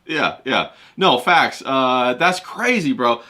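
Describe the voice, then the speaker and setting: An American man hosting a casual chat, listening in a relaxed way and saying "bro". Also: medium pitch, slow pace.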